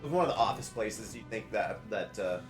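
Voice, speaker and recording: A man's voice: lowish voice, lively intonation, fairly quick. A man narrating a tabletop game as game master, hesitant and full of fillers. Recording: roomy sound with music behind.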